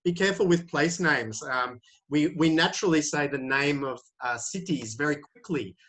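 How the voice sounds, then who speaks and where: A man teaching in a webinar, explaining pronunciation in a relaxed way with many fillers and restarts, on a video call. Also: fairly high pitch, normal speed. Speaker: IELTS teacher.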